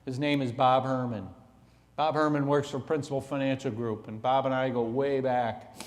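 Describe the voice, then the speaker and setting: A middle-aged man giving a motivational keynote, telling his story with dramatic swings from hushed to loud. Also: mid-range voice, steady tone, normal speed. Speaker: keynote speaker. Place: large conference hall. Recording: echoey hall.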